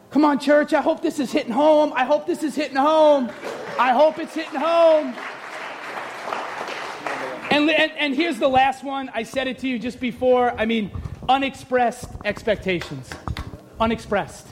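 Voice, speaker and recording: High-voiced shouting preacher man. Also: a little slow, some chatter behind. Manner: preaching loudly, often shouting, with humor. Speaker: pastor. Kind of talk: sermon. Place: church.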